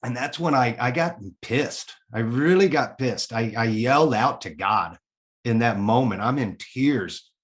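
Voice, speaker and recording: Male interview guest, mid-pitched voice, frank and heartfelt, drops casual curses. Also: measured pace. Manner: candid and earnest, swears casually. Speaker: podcast guest. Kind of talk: personal storytelling in an interview.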